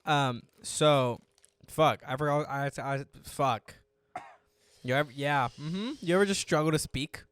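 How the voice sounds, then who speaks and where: A man's voice: fairly high pitch, measured pace, a bit bright, clear, resonant tone, no echo. A young man co-hosting a casual podcast, teasing his friend, swearing freely and leaning on filler words. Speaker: podcast co-host. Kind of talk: casual chat.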